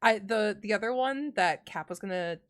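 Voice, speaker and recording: A giggly woman co-hosting a podcast, chatting casually with a friend. She laughs readily, and her voice sits at an ordinary middle pitch. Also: expressive. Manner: giggly, quick to burst out laughing. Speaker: podcast co-host. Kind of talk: casual chat.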